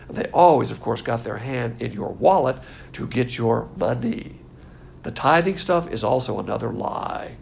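Gravelly, scornful older man lecturing on scripture. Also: mid-range voice, normal speed, a little hiss or hum. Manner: blunt, scornful, animated lecturing. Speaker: pastor teacher. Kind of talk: classroom Bible teaching.

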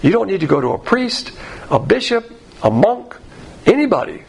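A man's voice: high voice, sing-song, normal speed, gravelly, slight background noise, low-quality recording. A man preaching a sermon as pastor, talking in a conversational, emphatic way and asking many rhetorical questions.

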